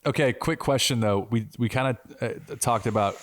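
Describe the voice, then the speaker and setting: A man hosting a podcast, reacting with quick laughs and short remarks. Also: medium pitch. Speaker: podcast host. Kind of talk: casual podcast chat.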